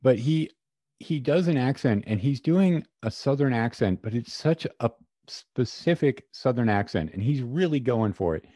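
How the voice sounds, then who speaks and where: A man hosting a casual podcast chat, thinking out loud in a conversational way. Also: medium pitch, lively intonation, moderate pace, no room sound, clean studio sound.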